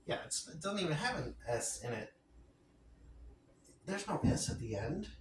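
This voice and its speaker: A man's voice: a little high, animated, normal speed, pauses often, far from the mic. A man thinking aloud to himself, muttering and repeating words as he works something out. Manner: muttering and repeating, unsure, working out fractions aloud. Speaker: vlogger. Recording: echoey room, off-mic, noisy background.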